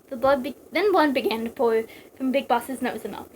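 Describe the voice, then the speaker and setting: A woman's voice: high-pitched, a little fast, darkish tone, a little hiss or hum, poor audio. A young woman casually reading a story aloud, breaking off for giggly jokes. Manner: giggly, joking digressions. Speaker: reader.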